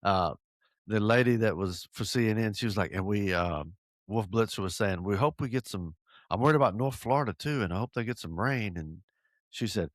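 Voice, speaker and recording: Animated Southern man telling stories. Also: on the low side, brisk, dry recording, clean studio sound. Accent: Southern American. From North Georgia, USA. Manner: animated storyteller, acts out quotes, chuckles. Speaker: podcast host. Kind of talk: casual podcast chat.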